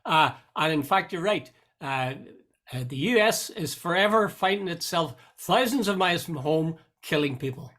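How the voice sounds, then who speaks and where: Measured, reflective man hosting a chat. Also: a little high, lively intonation, fairly bright tone. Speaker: host. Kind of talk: casual chat.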